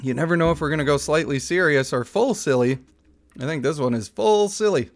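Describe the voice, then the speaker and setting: A man's voice: fairly high pitch, brisk. A young man casually commenting on a mobile game and reading its story aloud, jokey and laughing often.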